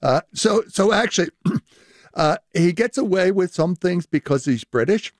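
A man's voice: sits high, animated, a little slow, dry recording, clean studio sound. An older man, a linguistics professor, explaining in a radio interview with many fillers.

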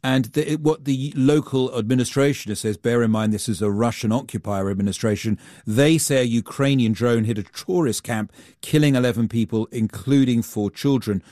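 A man, a global affairs reporter, explaining events in a measured, explanatory way during a news interview. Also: mid-range voice, warm tone, no echo, studio quality.

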